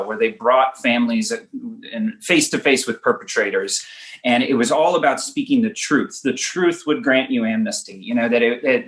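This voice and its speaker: A man from Los Angeles, a writer-director answering interview questions, thinking aloud and telling self-deprecating stories in halting restarts. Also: medium pitch, fairly bright tone. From Los Angeles, United States.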